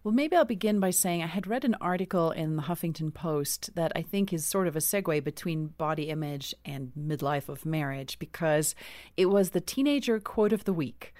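A woman who is an author, a guest on a talk show, telling personal stories in an earnest, lively way with frequent laughter. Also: deep voice, moderate pace, no room sound. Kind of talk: casual interview chat.

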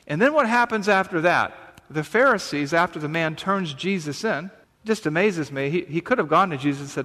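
A man's voice: a little high, animated, brisk, pushed and bright. A man preaching a sermon, reading scripture and then explaining it earnestly and emphatically, with frequent rhetorical questions. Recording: reverberant hall sound.

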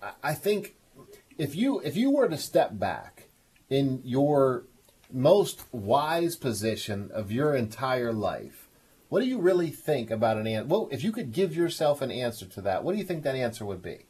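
A man's voice: medium pitch, very animated, normal speed, darkish tone, breathy edge. A man hosting a call-in advice show, coaching a caller with enthusiastic encouragement. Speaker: radio show host.

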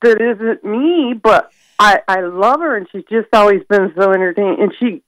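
An older woman calling in to a radio show, chatting in a self-deprecating, animated way about her family. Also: mid-range voice, normal speed, dry recording, poor audio. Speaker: caller. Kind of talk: casual radio chat.

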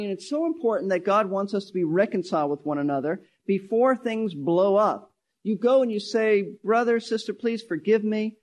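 A man's voice: sits high, a little mellow. A pastor preaching a sermon, emphatic, repeating key phrases and shifting his pace.

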